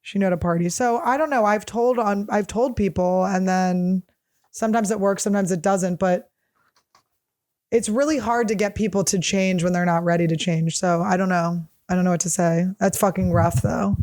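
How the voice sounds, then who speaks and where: A woman's voice: mid-range voice, fairly even intonation, normal speed, darkish tone, no room sound, clean studio sound. A woman in her thirties hosting a solo podcast, telling rambling, profane, jokey stories in a casual chat. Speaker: podcast host.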